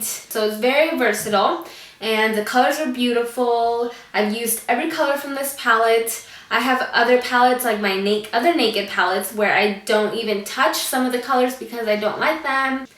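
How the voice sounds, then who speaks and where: Breathless chatty woman vlogger, slightly high voice, set back from the mic in an echoey room. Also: fairly even intonation, normal speed, a bit bright, distant mic. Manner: chatty, lots of fillers. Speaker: beauty vlogger. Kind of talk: casual chat to camera.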